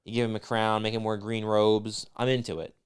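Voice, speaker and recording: Guy cohosting a podcast, very smooth clear voice, crude sarcastic ribbing. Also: lowish voice, little pitch movement, fairly quick. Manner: crude, sarcastic, teasing banter. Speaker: podcast co-host. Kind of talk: casual chat.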